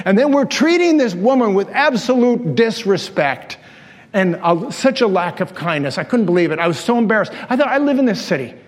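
High-voiced older pastor preaching. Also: male voice, expressive, moderate pace. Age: 60s. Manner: folksy, self-deprecating, chuckles while telling stories. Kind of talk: storytelling sermon. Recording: long reverb of a large church hall.

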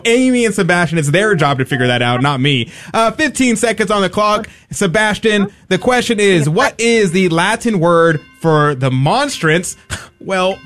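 A man's voice: fairly high pitch, fairly bright tone. Male radio host, playful game-show patter, faint music underneath. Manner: playful, joking, upbeat encouragement. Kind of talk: game-show style quiz hosting on radio.

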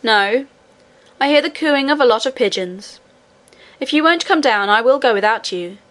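Blunt rude boy miner, woman reading him, storybook, fairly high voice. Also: animated, moderate pace, a bit bright.

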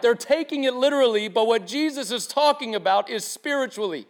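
A man's voice: very high voice, fairly quick, hardly any pauses. A man preaching a sermon in a casual, slangy way, acting out the people he quotes. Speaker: pastor.

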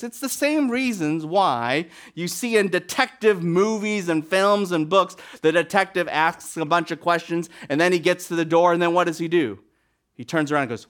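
A male preacher with a high, lively voice that leaps up and down in pitch. He delivers a sermon with big dramatic swings, punching some phrases loudly and dropping others to a hush. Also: normal speed, smooth. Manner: animated, dramatic swings between loud emphasis and near-whispers.

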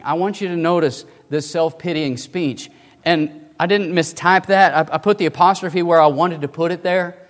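Male pastor, high voice, preaching with rhetorical questions, long hall echo. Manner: rhetorical questions, swinging between quiet and loud. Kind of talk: sermon.

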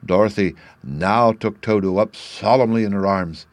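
A man reading a storybook aloud as an audiobook narrator, calm and even. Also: lowish voice, moderate pace, dry recording.

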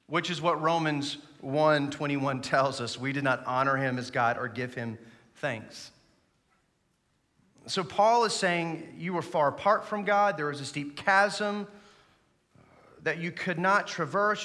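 Bright-voiced man preaching in a reverberant church. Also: fairly high pitch. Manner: earnest preaching, leads the congregation in reciting. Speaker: associate pastor. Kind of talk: sermon. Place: church sanctuary. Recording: long reverb of a church hall.

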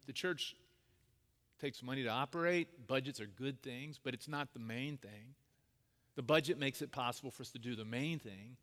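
A man's voice: on the high side, bright, forceful tone. Middle-aged guy preaching, earnest storyteller, reverby church sound. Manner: storytelling, earnest, acts out quoted voices. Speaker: pastor. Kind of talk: sermon. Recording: long hall reverb.

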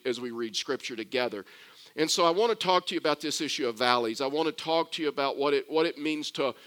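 A man's voice: mid-range voice, fairly bright tone. A man delivering a sermon as a pastor, telling a story and circling back to repeat his key phrases, with restarts along the way.

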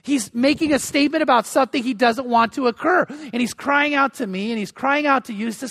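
A man's voice: extremely high pitch, fairly quick, few pauses, a bit bright, no echo, studio quality. An older man preaching a sermon as pastor, earnest and emphatic, often repeating words as he restarts.

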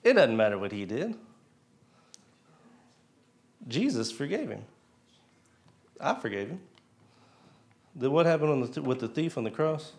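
A lay speaker gives a casual testimony at a church service, chatting, chuckling, and frequently posing questions to the crowd. His darkish mid-range voice swings widely in pitch at a moderate pace, with long pauses.

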